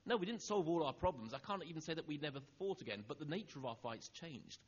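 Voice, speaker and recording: On a muffled recording, a middle-aged man with a husky, expressive voice preaches quickly, sharing a personal story. He acts out its dialogue, letting his voice fall soft and low for the tender parts.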